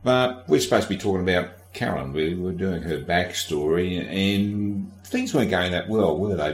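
On his casual history podcast, a male host speaks in a low voice with a reverberant sound. He addresses the listener directly, cursing freely in a sardonic, irreverent manner.

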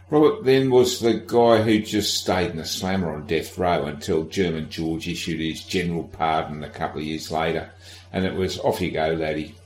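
A man's voice: low voice, a little mellow, roomy sound. A man hosting a casual history podcast, sardonic and irreverent, swearing freely and talking straight to the listener. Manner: addresses the listener directly. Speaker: podcast host.

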